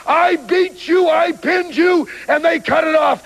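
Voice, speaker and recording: A man cutting a shouted, menacing wrestling promo, ranting and boasting. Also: extremely high pitch, unhurried, vocal fry, few pauses, low-quality recording. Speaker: pro wrestler.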